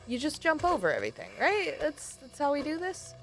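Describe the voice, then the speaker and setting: A woman's voice: sits high, huge pitch swings, a little fast, faint music behind. A woman streaming a game, talking casually with sarcastic, self-mocking commentary and frequent swearing.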